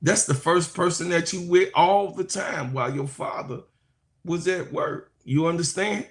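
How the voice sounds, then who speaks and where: A man hosting a sports live stream who reads chat comments and speaks in a preacherly way, repeating phrases for emphasis and swinging from low asides to loud, high proclaiming. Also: measured pace. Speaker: sports talk host.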